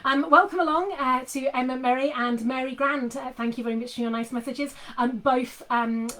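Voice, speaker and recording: Middle-aged woman author, chatty live stream from her home desk, slightly high voice, lots of ums and restarts. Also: fairly even intonation, moderate pace, a bit bright, poor audio. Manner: chatty, many fillers and restarts. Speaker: author talking to readers. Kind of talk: casual live chat with readers. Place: home office.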